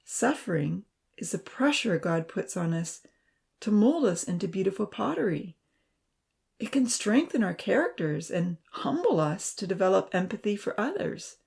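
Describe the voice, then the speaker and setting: A woman voicing an earnest, gentle young male assistant who pleads softly in a storybook reading. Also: medium pitch, vocal fry. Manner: pleading, soft-spoken.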